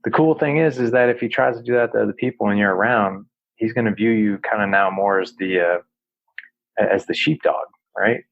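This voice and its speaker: A man's voice: fairly low pitch, brisk, gravelly, no room sound, dull audio. A middle-aged man, a podcast host, telling a personal story in a loose, chatty way with plenty of fillers. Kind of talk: casual storytelling.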